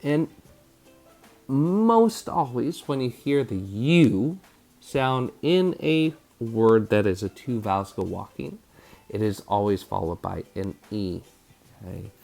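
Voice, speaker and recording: Gravelly slow-talking man teaching spelling. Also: lowish voice, soft background music. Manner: energetic, sound effects like bam; sounds out letters slowly. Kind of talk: spelling lesson for children.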